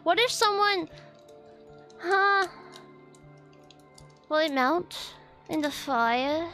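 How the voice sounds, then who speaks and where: A woman's voice: very high voice, expressive, very slow, bright, forceful tone, faint music behind. A young woman streamer chatting casually, flustered and rambling, swearing often. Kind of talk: casual live-stream chat.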